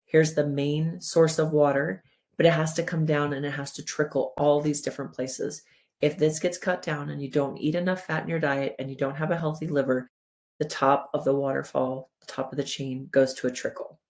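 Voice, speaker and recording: A woman in her thirties giving a lively explanatory talk as a wellness educator, walking through a chart and acting out the body's voice in quotes. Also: sits low. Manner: animated, acts out the body's inner voice in quotes.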